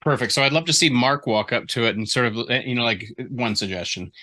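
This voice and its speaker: A man's voice: medium pitch, fast talker, bright, forceful tone. A man giving a writer feedback on a story chapter in a casual call, rambling and restarting his sentences as he thinks aloud. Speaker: writing mentor giving feedback. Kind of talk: casual critique session.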